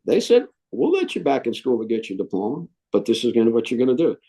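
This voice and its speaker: Animated middle-aged man telling a story. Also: medium pitch, fast talker. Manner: animated, acts out quoted voices. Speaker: Marine veteran interviewee. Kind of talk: storytelling interview.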